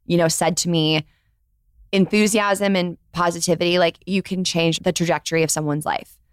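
A woman hosting a podcast interview, relaxed and reflective, asking long questions. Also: on the low side, moderate pace, clean tone, dry recording, studio quality. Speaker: podcast host. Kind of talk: casual interview chat.

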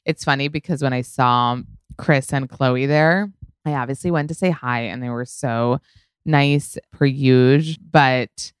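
Chatty low-voiced woman podcast host. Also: a little slow, clear, resonant tone, no echo, clean studio sound. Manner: chatty, lots of "like" and "you know", swears casually. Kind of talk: casual solo podcast storytelling.

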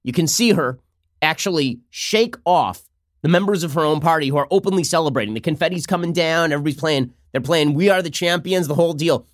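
A man hosting a political commentary show, talking fast with a sarcastic, mocking manner. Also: fairly high pitch, no room sound, studio quality. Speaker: host.

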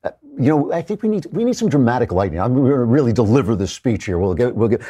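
Animated man giving a husky lecture. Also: medium pitch, fast talker. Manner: emphatic and animated, with frequent restarts. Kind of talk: lecture-style commentary.

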